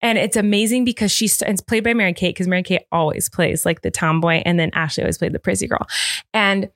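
A woman's voice: medium pitch, steady tone, quick pace, dry recording, studio quality. A woman co-hosting a podcast in casual chat, gushing and playfully exaggerating. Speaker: podcast co-host.

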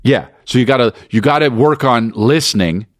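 A man's voice: mid-range voice, lively intonation, normal speed, no room sound, clean studio sound. A man co-hosting a podcast, chatting casually in a loose, rambling way with lots of restarts and playful impressions. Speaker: podcast co-host. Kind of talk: casual chat.

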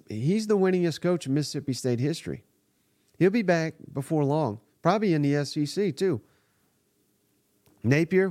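A man's voice: on the high side, darkish tone, no echo, studio quality. A man hosting a live sports reaction podcast, giving blunt, exasperated and profane commentary. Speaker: podcast host.

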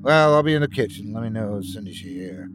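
A man's voice: fairly low pitch, expressive, fast, music in the background, lightly acted. A man playing a casual, curious ship's cook. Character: plain-spoken male ship's cook.

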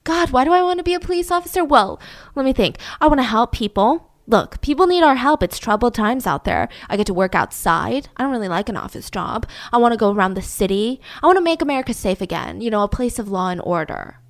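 A woman's voice: a little high, big pitch swings, fast talker. A woman voicing a naive young man who talks in a nervous, rambling way. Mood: earnest.

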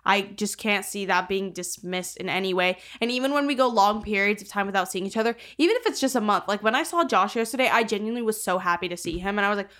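A woman's voice: medium pitch, quick pace, few pauses, fairly bright tone. A young woman co-hosting a podcast, chatting casually with lots of fillers and swearing. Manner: rambling, filler-heavy, swears freely. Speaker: podcast co-host. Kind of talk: casual chat.

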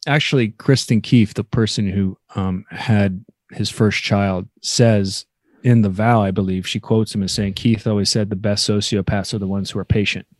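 A man's voice: on the low side, steady tone, normal speed, a little mellow, no room sound, clean studio sound. A man guest on a podcast, speaking in a reflective, hesitant way. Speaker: guest, former cult member. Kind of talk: podcast interview.

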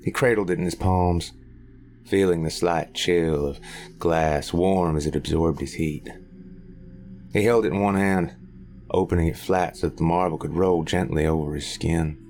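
A man narrating a horror story in a measured, grave manner. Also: deep voice, darkish tone.

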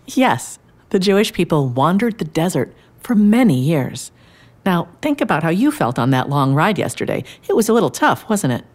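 A woman playing a gentle grandmother who tells a bedtime-style story to a child in an audio drama. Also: on the low side, sing-song, moderate pace. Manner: gentle, warm-toned storytelling.

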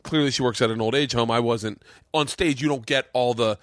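A man's voice: medium pitch, a little fast, no echo, studio quality. A man hosting a podcast in a home man cave, telling rambling, profane stand-up stories in casual chat and acting out what people said. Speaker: podcast host and stand-up comedian.

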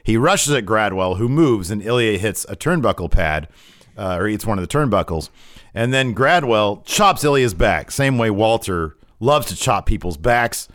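Rambling low-voiced man recapping wrestling. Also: animated, normal speed, fairly bright tone, dry recording, studio quality. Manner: rambling, frequent restarts and fillers. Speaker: wrestling podcast co-host. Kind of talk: casual chat, recapping matches.

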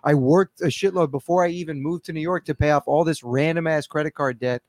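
A man's voice: fairly high pitch, fairly even intonation, a little fast, a little mellow, no echo. Profane, blunt podcast co-host man. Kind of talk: casual chat.

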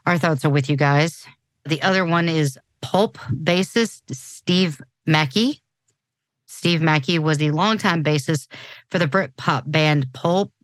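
A woman's voice: sits low, takes it slowly, no room sound. A woman in her forties co-hosting a podcast in casual chat, talking loosely with many restarts. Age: 40s. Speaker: podcast co-host.

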